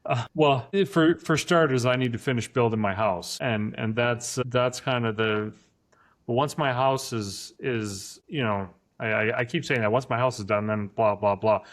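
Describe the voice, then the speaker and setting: A man with a mid-range voice, speaking at normal speed, hosts a casual podcast interview. He comes across as hesitant and self-deprecating, stumbling and restarting his sentences, and the room sound is roomy and echoey.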